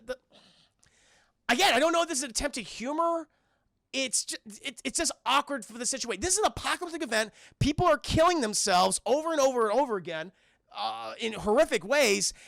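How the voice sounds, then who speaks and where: A man's voice: high voice, vocal fry, sharp tone, no echo, studio quality. A man reviewing a film on a live stream, talking to his chat in a rambling, profane way.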